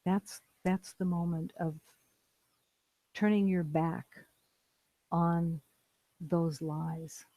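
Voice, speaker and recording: A spiritual teacher giving a slow, meditative talk in calm, repeated declarations. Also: medium pitch, no room sound, low-quality recording. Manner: calm, repetitive, declarative phrasing.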